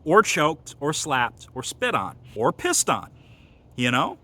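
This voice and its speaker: A man talks through a rambling, crude comic monologue, full of fillers and deadpan boasts. His voice is bright and a little sharp-edged. He sounds like he is hosting his own video. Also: a little high, slow pace. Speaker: comedy video host.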